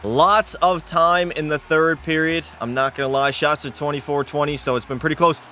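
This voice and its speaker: Young guy streamer, fairly high voice, casual and profane, faint music under. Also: moderate pace, hardly any pauses, pushed and bright. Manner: casual, swearing, frustrated outbursts. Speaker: gaming streamer. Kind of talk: live game commentary with chat.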